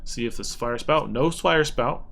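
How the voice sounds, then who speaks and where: A man's voice: mid-range voice, a little slow, gravelly, fairly bright tone. A man narrating as game master, describing scenes loosely and explaining the rules as he goes.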